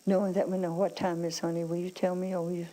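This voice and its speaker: A woman's voice: lowish voice, level tone, quick pace, mellow, poor audio. A woman preaching a sermon, calling on the congregation for amens and reading scripture aloud with emphasis. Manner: calls out to the congregation, asks for amens.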